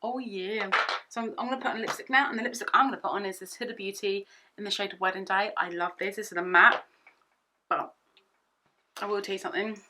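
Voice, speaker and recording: A young woman chatting through a makeup tutorial at home, excitable and rambling, often repeating herself. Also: mid-range voice, fairly quick, background noise. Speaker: beauty vlogger.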